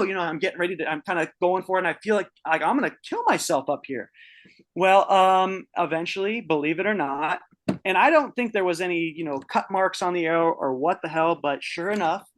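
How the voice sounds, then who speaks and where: A podcast guest in his early thirties tells a personal story in a fairly high, brisk voice. He's casual and rambling, swears freely, and restarts his sentences often.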